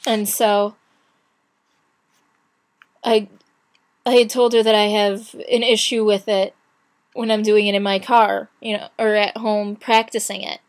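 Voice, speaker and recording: Slow, chatty young woman vlogging. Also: mid-range voice, little pitch movement. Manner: chatty, acts out quoted voices, many restarts. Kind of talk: casual chat.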